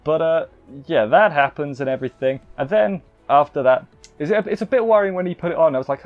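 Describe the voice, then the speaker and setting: A man's voice: on the high side, lively intonation, fairly quick, muffled recording, faint music behind. A man casually recapping an anime episode as a reviewer, rambling with lots of fillers and self-corrections.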